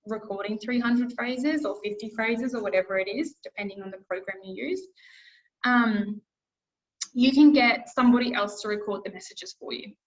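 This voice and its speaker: Woman, Australian accent, speech pathologist, earnest explainer, repeats for emphasis, slightly muffled video-call sound. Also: mid-range voice. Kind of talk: online presentation.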